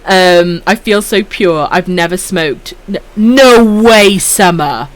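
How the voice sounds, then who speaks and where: On a late-night stream, a Welsh woman in her thirties chats casually, swearing freely, calling viewers pet names, reading chat aloud and giggling. Foul-mouthed but affectionate, she speaks slowly in a voice on the low side.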